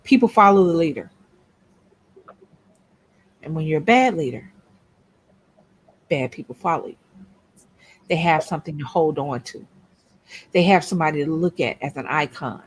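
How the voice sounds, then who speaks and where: A woman's voice: sits low, animated, normal speed, long pauses, slightly rough. A woman co-hosting a casual chat show, blunt and outspoken, swearing freely and repeating her points for emphasis. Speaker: co-host of a couples' YouTube channel.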